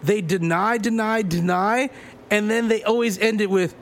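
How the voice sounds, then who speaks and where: A man's voice: high-pitched, fairly even intonation, moderate pace. A man co-hosting a casual podcast, telling profane bar stories and mimicking the people in them. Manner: profane storytelling, does voices of people in anecdotes. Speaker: podcast co-host. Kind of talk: casual chat.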